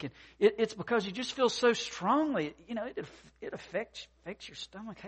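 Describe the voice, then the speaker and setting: A man preaching with a slightly raised, lively pitch. He talks in a folksy way with plenty of fillers and repeats. His sermon swings between quiet asides and loud bursts. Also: normal speed, few pauses, slightly rough. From mountain region. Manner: expressive, swings from soft to loud, acts out worried voices. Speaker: pastor.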